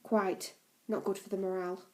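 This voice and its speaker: A woman's voice: mid-range voice, level tone, normal speed, warm tone, lightly acted. Woman reading as a blunt jungle explorer. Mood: matter-of-fact. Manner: blunt, commanding instructions. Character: brisk gruff adult male jungle explorer.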